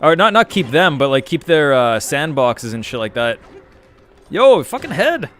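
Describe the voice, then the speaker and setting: A man's voice: medium pitch, animated, moderate pace, a bit bright, clear, resonant tone. A man streaming a video game, chatting casually with viewers, rambling and swearing as he answers their messages. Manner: rambling, profane, reads and answers chat. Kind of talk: casual live-stream chat while gaming.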